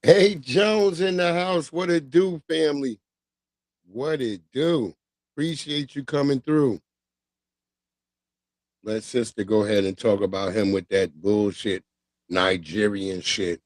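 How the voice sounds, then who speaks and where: A man's voice: mid-range voice, slow, pauses often. A man hosts a livestream in a loose, offhand way, full of slang. His voice sits mid-range and sounds close and dry with no room echo. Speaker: livestream host. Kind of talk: casual livestream chat.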